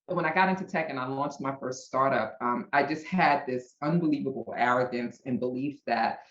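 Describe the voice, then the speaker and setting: A middle-aged woman from Brooklyn with a Brooklyn accent, telling stories as a podcast guest in a lively way and laughing often. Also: very deep voice, normal speed. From Brooklyn, New York. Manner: animated storyteller, laughs often. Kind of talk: casual interview chat. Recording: roomy, dull-sounding audio.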